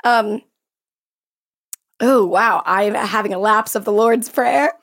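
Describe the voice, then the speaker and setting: A woman's voice: mid-range voice, takes it slowly, a bit bright. An American woman hosting a podcast in casual chat, giggly and self-mocking, laughing often. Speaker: podcast host.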